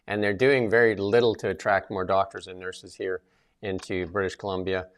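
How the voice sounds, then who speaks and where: Middle-aged man, gravelly low voice, rambling talk-show co-host. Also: little pitch movement, brisk. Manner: rambling, many fillers and restarts. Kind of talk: casual political chat.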